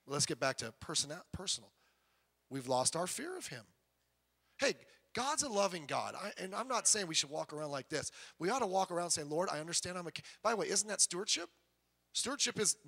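A man preaches a sermon in a high, bright voice that rings out. He shifts between booming emphasis and quiet asides. His voice carries through the long reverb of a church hall. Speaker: pastor.

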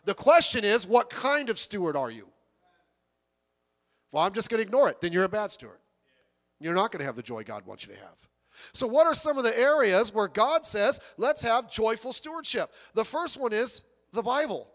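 A man's voice: high voice, big pitch swings, moderate pace, a bit bright. A man pastor preaching a sermon to his church, emphatic, repeating words as he drives his points home. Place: church hall. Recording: reverberant church hall.

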